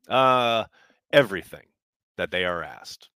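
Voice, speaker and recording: A man's voice: lowish voice, huge pitch swings, measured pace, pauses often, pushed and bright, no echo, clean studio sound. A man hosting a casual live sports podcast, answering viewer chat in a blunt, loose way and swearing freely. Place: New York.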